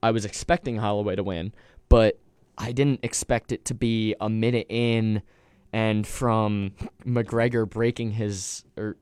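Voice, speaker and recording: A man's voice: on the low side, fairly even intonation, unhurried, a little mellow, clear, resonant tone, dry recording. A young man hosting a college radio sports show, talking casually and rambling. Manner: rambling, with restarts and fillers.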